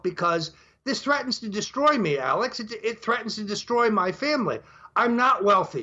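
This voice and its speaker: An older man, a guest on a talk show interview, speaks in a high voice with a sharp tone. He is emphatic and lays out his points one by one, and the audio is dull and lo-fi.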